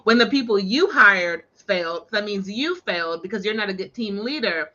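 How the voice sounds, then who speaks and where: Bright-voiced woman, emphatic co-host. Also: medium pitch, animated, normal speed, highs cut off. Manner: emphatic, heated opinions. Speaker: podcast co-host. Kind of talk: casual movie discussion.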